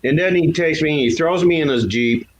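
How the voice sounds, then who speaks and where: In a low-quality recording, a man chats casually at a moderate pace about his past. He's candid and self-deprecating, laughing at his own tale and going higher in pitch to voice what others said.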